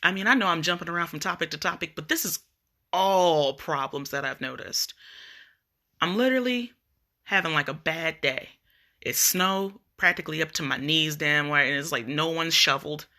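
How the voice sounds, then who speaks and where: A woman's voice: sits low, normal speed, bright, forceful tone. A woman vlogger ranting casually on a live video, blunt and profane as she tells her story.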